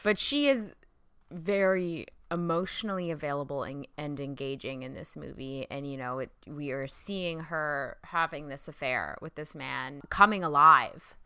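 A woman co-hosting a podcast, giving blunt, animated opinions in a casual film review chat. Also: low-pitched, measured pace, clean tone, no room sound. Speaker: podcast co-host.

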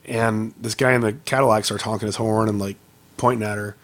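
A man's voice: on the low side, little pitch movement, a little fast, a bit bright. A man co-hosting a podcast, casually telling funny anecdotes and laughing often. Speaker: podcast co-host. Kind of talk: casual chat, storytelling.

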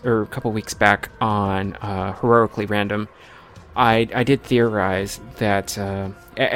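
A man hosting a gaming podcast, reading out listener tweets in casual chat with many fillers and restarts. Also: on the low side. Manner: halting, full of fillers and restarts. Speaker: podcast host.

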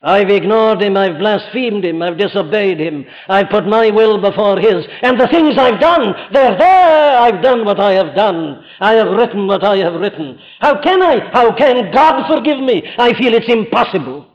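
A Welsh man preaches in a high voice, weighing each phrase slowly and emphatically before rising to impassioned peaks. The archival recording sounds muffled and dull, and his words ring out with a long reverb through a large church hall. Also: lively intonation. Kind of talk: sermon.

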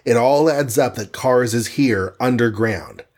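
A man's voice: mid-range voice, a little slow, a little mellow, close to an everyday voice. A man reading aloud who voices a decisive adult male hero giving clipped, urgent commands. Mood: commanding.

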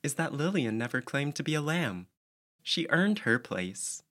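A sweet, gentle young woman speaks calmly in a diplomatic tone that still cuts, as a male audiobook reader voices her. The voice stays soft and even. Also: mid-range voice, takes it slowly. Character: sweet, gentle girl with a quiet edge.

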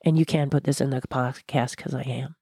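Older woman guest, low-pitched, dry close sound, outspoken and passionate. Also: brisk, creaky, slightly rough, no echo. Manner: passionate, blunt, animated storyteller. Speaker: guest, former theme park designer. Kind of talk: candid interview conversation.

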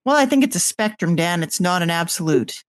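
A podcast co-host in casual chat, speaking in a measured, dry and wry way. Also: mid-range voice, lively intonation, no room sound.

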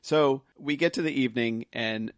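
A man co-hosting a podcast, recapping a film in an animated, casual way and swearing freely. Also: mid-range voice, moderate pace, dry recording, studio quality. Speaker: podcast co-host.

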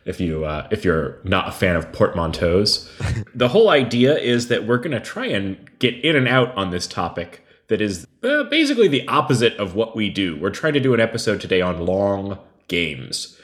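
A man's voice: lowish voice, sing-song, normal speed, fairly bright tone. A man hosting a casual podcast chat in a jokey, self-mocking way. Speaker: podcast host.

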